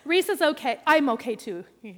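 A woman telling an animated, playful story to an audience, with quick jumps into the voices of people in it. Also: high voice. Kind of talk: lively storytelling talk. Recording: long hall reverb.

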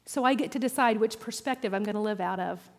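Woman pastor, lively self-deprecating sermon delivery, reverberant hall sound. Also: medium pitch, quick pace. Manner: personal and animated, with self-deprecating humor.

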